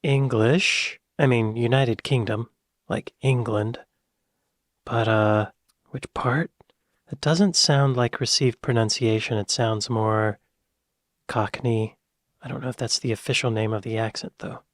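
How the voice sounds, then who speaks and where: American guy reacting to clips, talks his guesses out loud, gets excited, dry close sound. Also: mid-range voice, measured pace, dry recording. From United States. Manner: thinks aloud, excitable bursts. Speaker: reaction video host. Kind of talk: casual reaction commentary.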